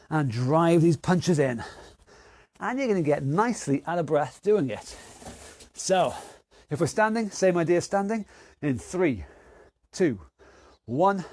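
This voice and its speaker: A man's voice: on the high side, darkish tone, no echo. A man leading an online workout class from his garage, counting down rounds and joking around while out of breath. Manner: jokey, rambling coaching with countdowns. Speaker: fitness instructor. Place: home garage.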